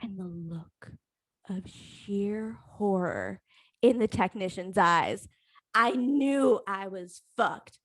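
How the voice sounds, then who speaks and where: A young adult woman telling a comic personal story on a live stream, profane, animated and self-mocking. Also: mid-range voice, slow, no room sound.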